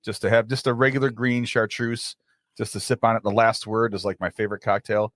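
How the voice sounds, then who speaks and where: Fast-talking wisecracking man. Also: lowish voice, flat delivery, a bit bright, no echo, studio quality. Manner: crude jokes, wisecracking. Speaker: podcast co-host. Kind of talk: casual banter.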